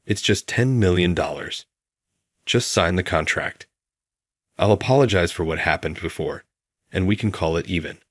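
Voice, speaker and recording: A man voicing a shrill, spoiled, mean middle-aged woman who accuses and demands. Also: normal speed, husky, no echo, studio quality. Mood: shrill accusing.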